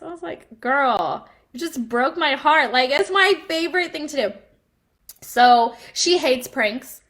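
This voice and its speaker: A woman in her thirties chatting casually to the camera as a mom vlogger, animated and laughing as she tells family stories. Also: fairly high pitch.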